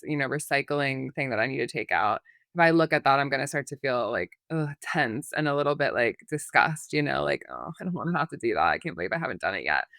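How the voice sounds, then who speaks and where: A woman's voice: low voice, a bit bright, no echo, studio quality. A woman therapist, a podcast guest, explaining in a rambling, casual way full of fillers and examples.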